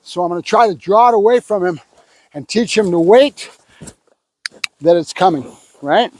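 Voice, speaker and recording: A man working as a dog trainer, calling short firm commands to a dog and calmly explaining his method as he trains. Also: sits high, normal speed, a little hiss or hum.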